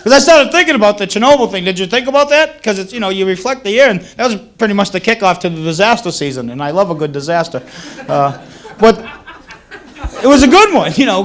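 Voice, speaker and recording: A Boston-area comedian in his thirties delivers a wry, self-deprecating stand-up set on a comedy club stage while the audience laughs. His voice sits high with a fairly bright tone. The clip comes from a 1980s cable TV taping, crowd laughter included.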